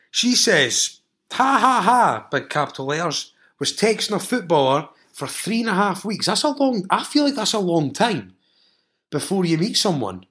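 A Scottish man hosts a solo podcast, reading listeners' stories aloud and reacting to them with swearing and laughter. His voice sits a little higher than most men's. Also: fairly bright tone. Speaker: podcast host.

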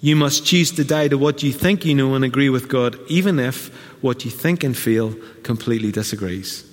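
A man preaching a conversational sermon, often slipping into quick quoted asides. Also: mid-range voice, long reverb tail. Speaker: pastor.

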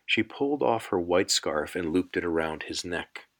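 A man narrating a fantasy audiobook in a measured, unhurried storytelling manner. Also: low voice, expressive. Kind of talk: scripted narration.

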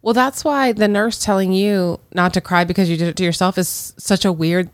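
A woman's voice: mid-range voice, fairly even intonation, moderate pace, no echo, studio quality. A woman in casual conversation, supportive and affirming, sharing her own experiences. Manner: supportive, frequent affirming "yeah" and "right".

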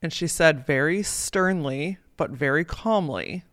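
A woman's voice: sits low, unhurried, a bit bright, dry recording. Swearing, emphatic woman coach, dry sound. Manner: casual, emphatic and sprinkled with swearing. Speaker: podcast host and life coach. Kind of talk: motivational podcast monologue.

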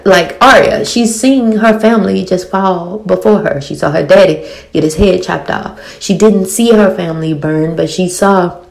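A woman in her forties with a thick Louisiana accent, giving a blunt, animated, swearing recap of a TV episode full of rhetorical questions. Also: fairly low pitch, gravelly. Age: 40s. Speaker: TV show reviewer. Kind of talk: casual episode recap and commentary.

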